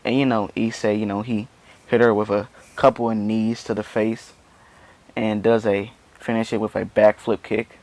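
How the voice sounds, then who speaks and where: A man's voice: fairly low pitch, little pitch movement, moderate pace, a little mellow. A man casually retelling a fan story, rambling and padding it with constant fillers. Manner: rambling, full of "you know" fillers.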